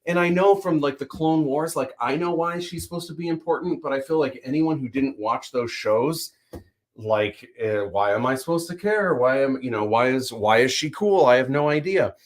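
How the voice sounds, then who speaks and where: A man's voice: mid-range voice, normal speed. Chatty man rambling about a show. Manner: rambling, animated opinions with many fillers. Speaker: livestream host. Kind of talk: casual chat.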